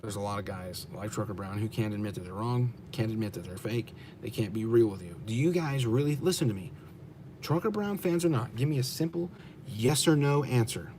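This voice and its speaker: Blunt American man with a mellow voice. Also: lowish voice, lively intonation, a little fast, a little hiss or hum. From United States. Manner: blunt, profane, combative, repeats his questions. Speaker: truck driver streamer. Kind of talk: livestream rant answering chat.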